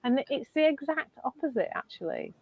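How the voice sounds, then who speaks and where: A middle-aged woman from England, thinking aloud in a reflective chat as a podcast co-host, animated and quick to laugh. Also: high-pitched, no echo. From Northern England.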